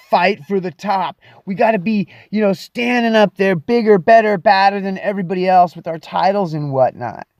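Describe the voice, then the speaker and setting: A show host with a high-sitting voice delivers a casual, playful monologue on his own program, drawing words out for theatrical effect. The audio is dull and has no echo.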